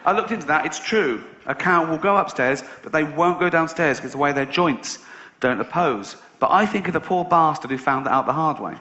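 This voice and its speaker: An English man in his forties doing stand-up on a theatre stage, sarcastic and incredulous, swearing freely. His voice sits a little high for a man. The live recording is muffled and carries clear background noise. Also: lively intonation, fairly quick, pushed and bright, echoey room. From England. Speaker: stand-up comedian. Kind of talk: stand-up comedy routine. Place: large theatre stage before an audience.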